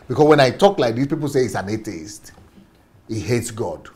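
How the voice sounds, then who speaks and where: A man's voice: medium pitch, expressive, normal speed, a little mellow, slightly rough. A man giving a passionate preaching-style talk, emphatic, repeating key phrases and chuckling as he goes. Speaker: speaker on faith and systems.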